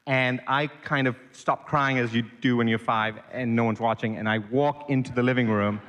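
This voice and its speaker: Middle-aged male podcast guest from Sri Lanka, animated storyteller, voice carries a long reverb tail. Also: medium pitch, normal speed.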